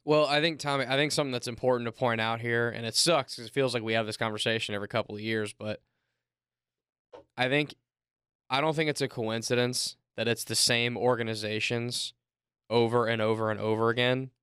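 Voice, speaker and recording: A man co-hosting a casual sports talk show, setting up questions with restarts and rising in pitch as he gets worked up. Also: fairly even intonation, brisk, a bit bright, clean tone, no room sound, studio quality.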